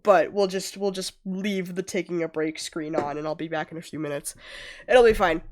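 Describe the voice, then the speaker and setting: A sick-sounding woman streaming a game, reacting with loud laughing outbursts and swearing. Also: lowish voice, level tone, fairly quick. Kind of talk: casual game stream commentary.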